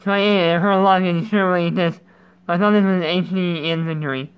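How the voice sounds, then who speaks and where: A man's voice: high-pitched, steady tone, fast, smooth, dull audio. Rambling young gamer guy. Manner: rambling, self-interrupting, goofy. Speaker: gaming channel host. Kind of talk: casual let's-play commentary.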